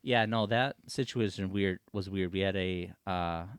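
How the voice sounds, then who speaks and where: Smooth, low and unhurried, a young motocross race official tells stories as a guest on a podcast, captured with clean, dry studio sound. It's a casual storytelling conversation, and he animatedly imitates the voices of people he quotes.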